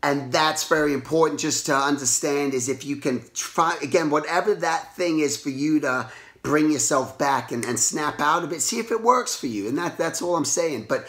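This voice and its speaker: A hoarse man who has lost his voice, hosting a casual motivational talk and rambling with lots of restarts. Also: a little high, normal speed. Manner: rambling, animated, restarts often. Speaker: artist and show host. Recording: roomy echo.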